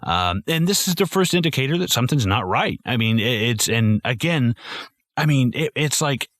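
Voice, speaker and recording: A man's voice: medium pitch, lively intonation, normal speed, fairly bright tone, no echo. A man hosting a casual film-review podcast, rambling and swearing with enthusiasm. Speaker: podcast host.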